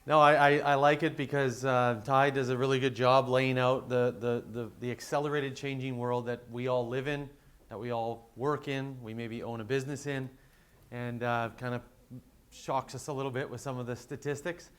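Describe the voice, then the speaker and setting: A man's voice: mid-range voice, little pitch movement, moderate pace, fairly bright tone, clear, resonant tone. A man from the West Coast of Canada with a Canadian accent, giving a conversational conference presentation and often restarting phrases with fillers. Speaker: conference speaker.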